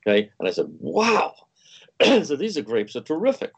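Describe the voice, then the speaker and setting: Telling a story to make his point, a male wine expert guest acts out the dialogue on his own, his medium-pitched voice swinging hugely in pitch. He talks fast with a breathy edge, captured in a dull, lo-fi recording.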